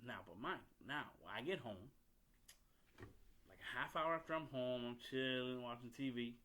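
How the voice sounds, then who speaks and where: A man's voice: mid-range voice, moderate pace, sharp tone. A man hosting a podcast, telling a story in a blunt, profane, rambling way with frequent restarts. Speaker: podcast host. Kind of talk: casual storytelling monologue.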